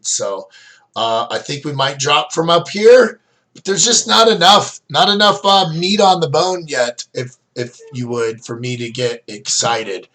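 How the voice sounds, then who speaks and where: Middle-aged male trading coach, bright tone, loose and rambling delivery, mid-pitched. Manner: loose, rambling, many fillers and restarts. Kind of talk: casual screen-share chart review.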